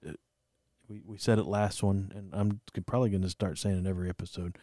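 Low, mellow man telling a joke. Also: level tone, quick pace, no room sound, studio quality. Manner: rambling, self-deprecating storyteller with many fillers. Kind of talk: casual faith chat.

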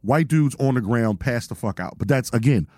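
A man's voice: medium pitch, animated, normal speed, a little mellow, no room sound, studio quality. A man, hosting a podcast and telling stories in a laid-back, profane way. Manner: laid-back storyteller, swears freely. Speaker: podcast host. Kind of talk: casual profane chat.

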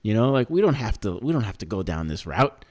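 Male podcast co-host, rambling and jokey, swings widely in pitch. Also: big pitch swings, quick pace, a little mellow. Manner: laughs often, jokey, rambling. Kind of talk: casual chat.

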